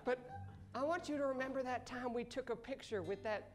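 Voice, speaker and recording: On a comedy stage with live music underscoring her, a woman improvises as a smitten man reading out his long-winded love letter. Her fairly high voice sounds close to everyday speech, earnest and rambling, and she cracks up laughing at times.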